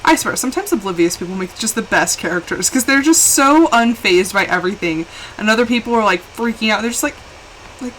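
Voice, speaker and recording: A woman chatting casually while live-streaming a game, rambling and quick to laugh, switching between hushed asides and excited bursts. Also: fairly high pitch, a little hiss or hum, poor audio.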